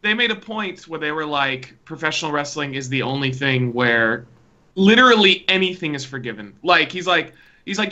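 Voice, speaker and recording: A man's voice: a little high, expressive, moderate pace, sharp tone, highs cut off. A man co-hosting a wrestling podcast in casual chat, telling stories animatedly with laughing asides and curses. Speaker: podcast co-host.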